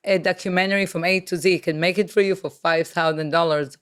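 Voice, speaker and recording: A woman's voice: lowish voice, fairly even intonation, fast talker, hardly any pauses, smooth. A woman entrepreneur talking as a podcast guest, emphatic and persuasive, repeating phrases for weight. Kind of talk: conversational interview.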